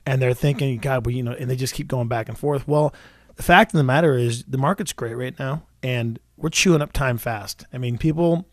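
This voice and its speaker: A real estate agent in his forties hosts a radio talk show, talking quickly with many restarts and repeated words. His voice is mid-range, and the recording is dry with clean studio sound.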